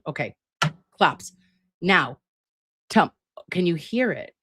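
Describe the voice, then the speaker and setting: Woman streamer at home, low-pitched, dry close sound, rambling, swearing and affectionate with her audience. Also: lively intonation, slow, pushed and bright, husky, dry recording. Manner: chatty, profane, playful, calls viewers lovies and babes. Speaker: livestream host. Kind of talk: casual livestream chat. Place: home, at a laptop with air conditioning running. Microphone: laptop setup.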